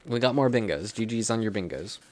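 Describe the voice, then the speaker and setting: A man casually commenting while playing a game, rambling and swearing, clearing his throat often. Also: on the low side, lively intonation, a little fast, a little hiss or hum. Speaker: streamer.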